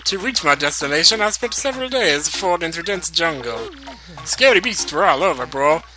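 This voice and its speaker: A man's voice: on the high side, lively intonation, normal speed, music in the background, pitched above the performer's own voice, close to an everyday voice, rough recording. A man reading game dialogue aloud as an eager, boastful plumber hero, in a put-on Italian-style accent and calling the listener bro. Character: cheerful nervous adult male plumber hero, boastful.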